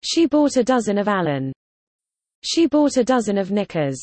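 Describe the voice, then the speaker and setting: A woman reading example sentences for a slang lesson with a lively, bouncy delivery. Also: mid-range voice, normal speed, no room sound. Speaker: teacher.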